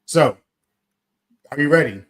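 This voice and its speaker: A man co-hosting a casual wrestling podcast, upbeat and relaxed, drawing words out when he stresses them. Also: a little high, unhurried. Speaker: podcast co-host. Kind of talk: casual chat.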